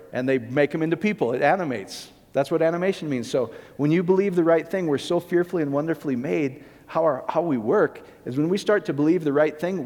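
A man's voice: fairly high pitch, darkish tone. A male pastor preaching a conversational sermon, often asking the congregation whether it makes sense. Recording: long reverb of a large hall.

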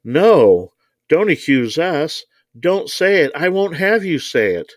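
A man's voice: mid-range voice, big pitch swings, moderate pace, dry recording, pitched above the performer's own voice, close to an everyday voice. A man voicing a frightened middle-aged businessman in an audiobook reading, pleading in panic. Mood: terrified.

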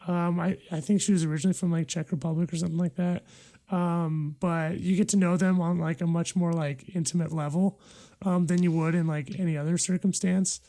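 A young man casually recounting travel memories, relaxed and hesitant with many fillers. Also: on the high side, fairly quick. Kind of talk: casual storytelling chat.

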